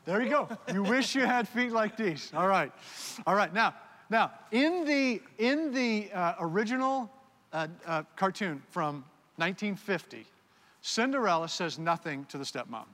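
Animated high-voiced preacher in a hall. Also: male voice, normal speed. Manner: animated, talks directly to volunteers on stage. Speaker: pastor. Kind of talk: sermon with audience participation skit. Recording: long hall reverb.

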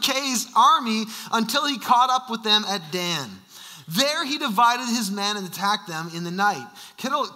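A man preaching in a high, very bright voice, pressing each point with rhetorical questions. His words ring out with a long reverb, as in a large church hall. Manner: emphatic, repeats rhetorical questions. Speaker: senior pastor. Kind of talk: sermon.

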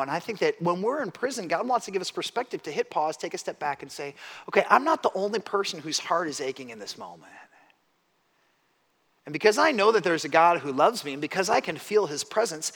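A middle-aged man preaching a sermon, telling stories that swing from hushed asides to loud emphatic peaks. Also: high voice, very animated, brisk. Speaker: pastor. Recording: long hall reverb.

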